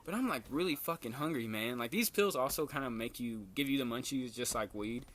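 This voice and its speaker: A young man casually telling a personal story in a vlog, full of slang and swearing, and jumping up in pitch when he quotes people. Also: fairly quick, fairly bright tone, a little hiss or hum. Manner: laid-back slangy storytelling, swears a lot, jumps high for quoted lines.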